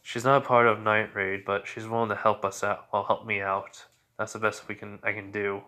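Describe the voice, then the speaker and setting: A man voicing a calm young male assassin in a fan story, speaking low-key and quietly. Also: normal speed.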